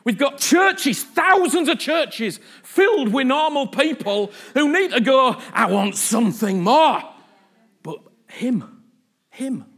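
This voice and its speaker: A man's voice: extremely high pitch, big pitch swings, takes it slowly, pushed and bright. A man preaching a sermon, emphatic and repetitive, often asking the congregation if they understand him.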